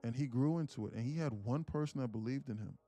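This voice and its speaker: A young man tells a story in a loose, profane, animated way. His voice sits at a middle pitch. Soft music plays faintly behind him. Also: quick pace. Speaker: day-trading livestream host. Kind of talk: casual storytelling.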